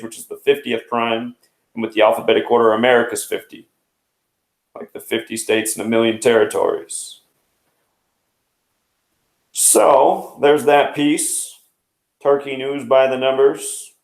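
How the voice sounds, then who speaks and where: A man in his thirties hosts a news commentary show, reeling off one number after another in a rapid, explaining manner. His voice sits at a middle pitch. The recording has a noticeably echoey room sound. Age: 30s. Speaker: host.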